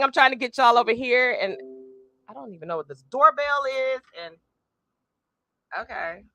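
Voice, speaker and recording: Bright-voiced woman hosting a live talk. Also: a little high, normal speed, pauses often, no room sound, faint music behind. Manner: animated, talks straight to her audience, frequent asides. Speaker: podcast host. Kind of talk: live-streamed motivational talk. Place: small room at home. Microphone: phone or camera on a tripod.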